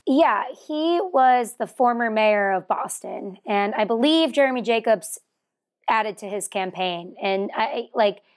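A woman co-hosting a podcast in casual chat, answering in a relaxed, hesitant way. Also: fairly high pitch, measured pace. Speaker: podcast co-host.

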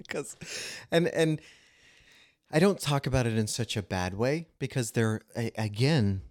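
A man talks through his thoughts on a casual podcast, circling back and restarting as he goes. His voice sits low, and the recording is dry and close with almost no room sound. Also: darkish tone, dry recording. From United States. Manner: rambling, frequent restarts, laughs while telling anecdotes. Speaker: podcast co-host. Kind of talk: casual conversation.

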